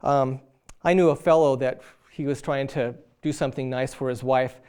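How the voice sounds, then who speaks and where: Middle-aged male preacher, warm and mellow, lively storyteller who acts out both sides of a quarrel. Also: mid-range voice, moderate pace, clear, resonant tone. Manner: animated storyteller acting out both spouses. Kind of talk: sermon on marriage.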